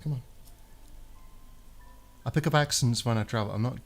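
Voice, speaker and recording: A man's voice: medium pitch, normal speed, vocal fry, faint music behind. Chatty British man muttering while working. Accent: regional British. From United Kingdom. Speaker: streamer doing console repairs. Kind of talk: casual live-stream chat.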